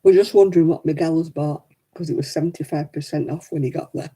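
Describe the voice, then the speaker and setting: Older woman, chatty storyteller with a husky, breathy voice. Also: low voice, steady tone, fast, mellow. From England. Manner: chatty storytelling, laughs often. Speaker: livestream host. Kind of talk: casual chat.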